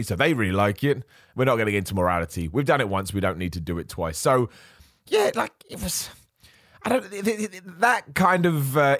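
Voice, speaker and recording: On his wrestling podcast, this host chats casually and animatedly in a mid-range voice. He keeps correcting himself mid-sentence and mimics other people's voices mockingly. The studio-quality audio has no echo.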